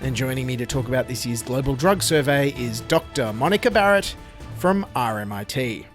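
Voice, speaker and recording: Sarcastic Australian man with lively pitch. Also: normal speed, soft background music. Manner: sarcastic, mocking asides. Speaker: podcast host. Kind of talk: comedic news commentary.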